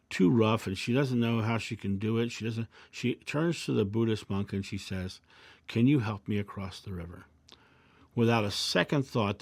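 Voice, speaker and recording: Gravelly low-voiced man telling stories. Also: no echo. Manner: reflective, anecdotal, calm. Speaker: video host. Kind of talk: casual storytelling monologue.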